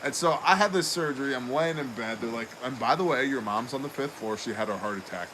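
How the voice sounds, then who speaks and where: A man's voice: mid-range voice, fast, a crowd in the background, rough recording. A man co-hosting a casual show, telling a story with lots of laughter and acted-out quotes. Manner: animated storyteller acting out quoted voices, laughing often. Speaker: co-host.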